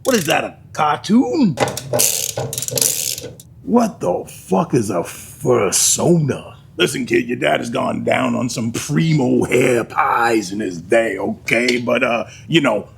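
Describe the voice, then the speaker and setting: Male comic as a crude, exasperated divorced dad; gravelly, animated delivery, faint background noise. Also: mid-range voice, unhurried. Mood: ranting. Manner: crude, ranting, exasperated, swearing. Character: angry bitter divorced middle-aged dad, crude. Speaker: comedic POV character sketch. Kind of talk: comedy sketch monologue.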